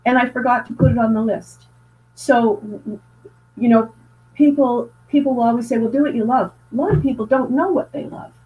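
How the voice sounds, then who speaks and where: A woman's voice: a little high, moderate pace, phone-quality sound, slight background noise. A woman from Canada, a guest author and speaker, talks in an earnest, conversational way as she tells a story, often stumbling over and repeating words.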